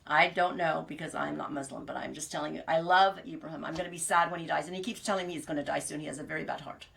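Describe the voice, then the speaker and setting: Bright, chatty woman podcast host. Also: low voice, fast, vocal fry. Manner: rambling and animated, laughs at her own jokes. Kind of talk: casual chat.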